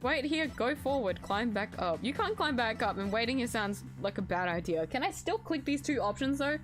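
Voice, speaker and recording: A woman streamer giving casual gameplay commentary, excitable and giggly, swearing and squealing. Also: on the high side, normal speed, music in the background.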